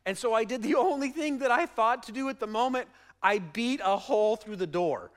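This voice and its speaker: High-voiced man preaching a sermon. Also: fairly quick. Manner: animated storytelling, emphatic preaching. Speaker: pastor.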